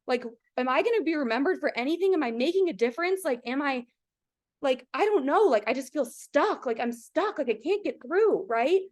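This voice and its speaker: Earnest woman, slightly high, telling a story. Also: lively intonation, brisk. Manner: emotional, earnest, heavy use of "like", addresses the audience directly. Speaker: team leader hosting a coaching call. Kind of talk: motivational storytelling on a live video call.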